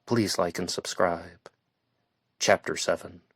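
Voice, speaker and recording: A man reading an audiobook in steady, measured scripted narration. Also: sits low, creaky, breathy edge, no room sound, studio quality.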